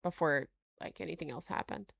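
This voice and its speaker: A woman hosting a live stream, reading notes aloud and reacting to chat with frequent laughter and animated asides. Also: low-pitched, a little fast, gravelly, husky, no room sound, clean studio sound. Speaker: livestream host.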